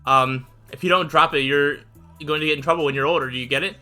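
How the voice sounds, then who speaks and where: A man's voice: a little high, steady tone, fast talker, sharp tone, faint music behind. A teasing, chatty girl read by a man. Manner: teasing, rambling, mock-cheerful. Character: brash chatty teenage girl, cruel and playful. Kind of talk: reading a visual novel aloud.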